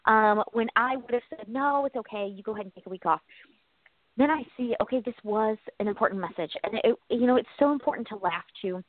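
A woman's voice: on the high side, fairly quick, no echo. A woman co-hosting a faith podcast, chatting and giggling between short affirmations. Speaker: podcast co-host. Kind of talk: casual faith chat. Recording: dry phone-like line.

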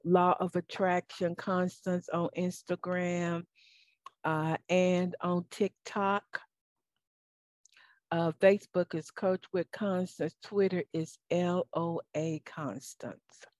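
A woman hosting her own talk show alone, speaking emotionally and warmly about faith to her listeners, with fillers and stammered restarts. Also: lowish voice, level tone, takes it slowly, dry recording, studio quality. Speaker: talk show host and life coach. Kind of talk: solo talk show monologue.

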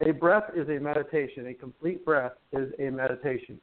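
A man guest on a talk show, gently explaining breath and meditation in a chatty, teacherly way with playful jokes. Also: mid-range voice, brisk. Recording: tinny phone line.

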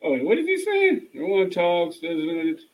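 A man's voice: high voice, huge pitch swings, moderate pace, rough recording. A man co-hosting a casual sports talk show, playful and giggling often. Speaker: podcast co-host.

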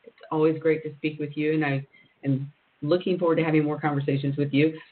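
Chatty host with a slightly high voice on a phone line. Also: male voice, fast talker. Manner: chatty, with steady affirming murmurs. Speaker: podcast host. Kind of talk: casual interview chat. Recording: tinny phone-line sound.

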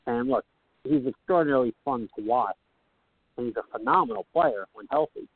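A man co-hosting a sports radio talk show, mumbling and halting, repeating himself as he talks. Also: mid-range voice, no echo. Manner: halting, repeats words, hard to hear. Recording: dry, phone-like line.

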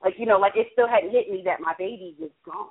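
A woman's voice: mid-range voice, husky. Woman recounting a story over a phone line. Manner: halting, repeats words, quotes herself and others. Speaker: guest. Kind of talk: personal storytelling in a talk interview.

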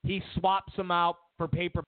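Sarcastic talk host on a tinny line. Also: male voice, sits high, little pitch movement, normal speed, dry recording. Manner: sarcastic, mocks media with exaggerated quotes; repeats himself for emphasis. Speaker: political talk show host. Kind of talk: opinionated political commentary. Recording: tinny phone-like, dry sound.

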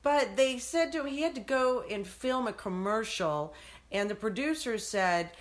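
A woman's voice: medium pitch, animated, moderate pace. A woman hosting a talk show, earnestly telling a story in casual chat. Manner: earnest, tells stories. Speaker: show host.

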